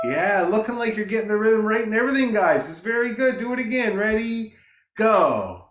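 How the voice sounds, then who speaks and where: Fiddle teacher with an echoey room. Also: male voice, high-pitched, animated, normal speed, loud music behind the voice. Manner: encouraging, counts in and calls out notes. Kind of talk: online beginner fiddle lesson. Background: fiddle playing.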